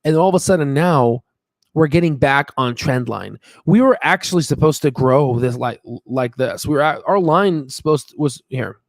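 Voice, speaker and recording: A man giving casual, excitable stock market commentary while sharing his screen, emphatic and swearing now and then. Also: medium pitch, dry recording, studio quality.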